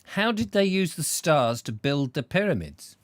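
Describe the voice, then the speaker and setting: A man's voice: a little high, big pitch swings, a little slow, no room sound. A man hosting a casual chat show, rambling in a playful, jokey way. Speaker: show host.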